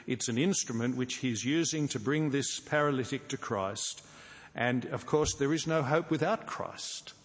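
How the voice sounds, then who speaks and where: Earnest preacher in a reverberant hall. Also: male voice, mid-range voice. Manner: earnest, slows down for emphasis, acts out imagined scenes. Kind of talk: sermon.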